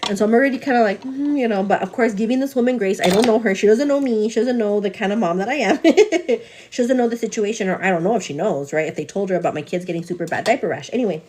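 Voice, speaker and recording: A woman's voice: mid-range voice, quick pace, darkish tone, a little hiss or hum. A young woman hosting a live morning show, telling a long story in a casual, chatty way and calling her viewers girl.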